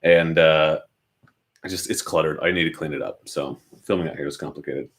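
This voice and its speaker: In a brisk bass voice with fairly even intonation, a young Oregon man, from the United States, fields viewer questions for his motorcycle channel from his home garage. He's casual and jokes at his own expense.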